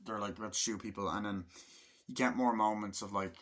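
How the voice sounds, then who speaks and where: A man's voice: on the low side, steady tone, brisk, a bit bright, a little hiss or hum. Rambling, cussing man reviewing a film. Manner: rambling, filler-heavy, swears often, acts out film lines. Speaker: movie reviewer. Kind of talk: casual spoken film review.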